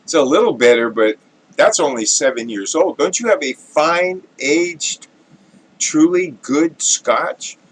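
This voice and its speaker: A man voicing a refined, snooty scotch connoisseur who drawls his words slowly and haughtily. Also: a little high, expressive, breathy edge, voice pushed up, full character voice, poor audio. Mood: haughty. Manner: slow, drawn-out, haughty.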